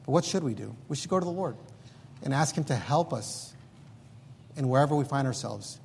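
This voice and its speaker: A man's voice: mid-range voice, lively intonation, a little fast, creaky, in a large hall, slight background noise. A man preaching an earnest sermon, his volume swelling and dropping as he exhorts the congregation. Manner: earnest preaching, rising and falling loudness.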